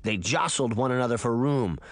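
A man reading a storybook aloud with an expressive delivery. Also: mid-range voice, a little fast, dry recording. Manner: animated, expressive. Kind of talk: storybook narration.

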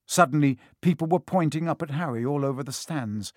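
A man narrating a children's storybook in a steady, expressive reading. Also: on the high side, brisk, no room sound, studio quality. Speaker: audiobook reader.

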